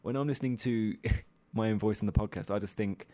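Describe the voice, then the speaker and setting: A man's voice: on the low side, brisk, warm tone. A man co-hosting a casual podcast, rambling, self-mocking and full of ums and little laughs. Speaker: podcast co-host. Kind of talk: casual chat.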